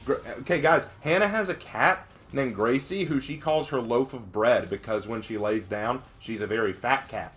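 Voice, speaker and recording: A man streaming a game with casual commentary, chatty and quick to laugh, telling stories with energy. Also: medium pitch. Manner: chatty, laughs often, animated storytelling.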